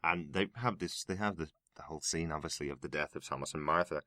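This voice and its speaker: A man's voice: very deep voice, fast talker, bright, forceful tone, dry recording, clean studio sound. A man co-hosting a film review podcast, explaining scenes in an earnest, agreeable way. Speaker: podcast co-host. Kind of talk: casual film review chat.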